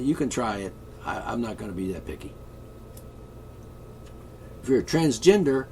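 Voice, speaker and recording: A man's voice: mid-range voice, warm tone, distant mic, a little hiss or hum. A man vlogging a rambling comic monologue, joking in a mock-royal tone.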